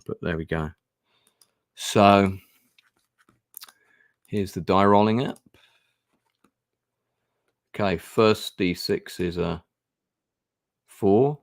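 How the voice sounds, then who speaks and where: A man's voice: low-pitched, no room sound. A man reading through a fantasy gamebook and chatting casually as he plays. He hesitates often and swears now and then. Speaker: gamebook player and streamer. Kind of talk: casual play-through narration.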